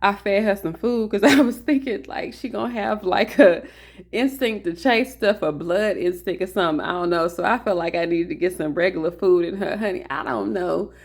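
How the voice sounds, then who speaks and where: A woman vlogger talks casually to her viewers from an indoor office, telling a story with animated energy. Her mid-pitched voice has a gravelly crackle running through it. She keeps calling her audience "honey". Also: moderate pace.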